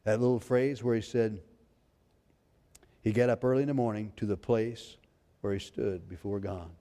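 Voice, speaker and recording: A pastor preaching a sermon, reading scripture aloud in a pleading preacher's cadence. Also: male voice, on the low side, steady tone, normal speed, dark tone. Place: church sanctuary. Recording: long hall reverb.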